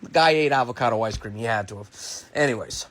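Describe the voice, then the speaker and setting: A man's voice: mid-range voice, a little fast, a bit bright. A man telling a rambling, improvised comic story off the cuff. He swears freely, mocks himself and laughs between lines.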